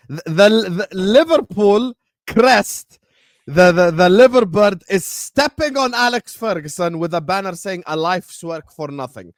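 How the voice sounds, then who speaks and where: A man on a football podcast panel, arguing in a casual, animated and jokey way. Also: on the high side, no room sound, studio quality. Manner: animated, jokey, puts on accents.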